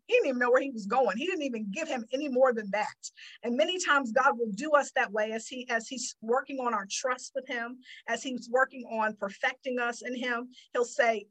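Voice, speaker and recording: Female Christian teacher, slightly high pitch, animated sermon delivery. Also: brisk, rough recording. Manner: animated, acts out her own prayers and God's replies.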